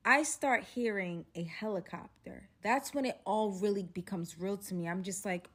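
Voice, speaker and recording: A young woman telling a dramatic story to the camera, with loud bursts in an animated storytime vlog. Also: mid-range voice, normal speed, few pauses.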